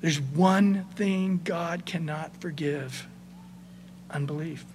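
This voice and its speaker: A man preaching a sermon as pastor, conversational, moving between soft passages and emphatic points. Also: a little high, slow, noisy background.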